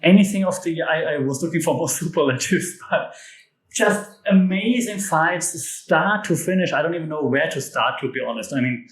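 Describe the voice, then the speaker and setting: Enthusiastic European male podcast host. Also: fairly high pitch. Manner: enthusiastic, emphatic, jokey asides. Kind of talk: casual solo podcast monologue. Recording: echoey room.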